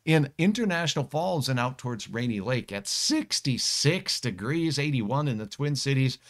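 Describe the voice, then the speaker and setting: A man's voice: mid-range voice, very animated, normal speed. Folksy man giving a live weather forecast. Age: middle-aged. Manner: folksy, jokey, reads viewer comments aloud. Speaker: meteorologist hosting a live weather stream.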